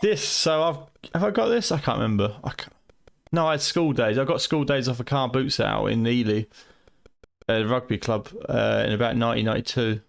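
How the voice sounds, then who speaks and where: Middle-aged Fenland English man, gravelly, mid-pitched, loose rambling streamer who swears freely. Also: a little fast. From Fenland, England. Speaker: retro game streamer. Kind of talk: late-night live stream chat.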